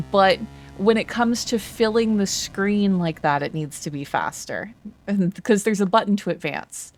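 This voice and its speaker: A woman game streamer chatting casually in a rambling, self-correcting way. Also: mid-range voice. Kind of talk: casual gameplay commentary.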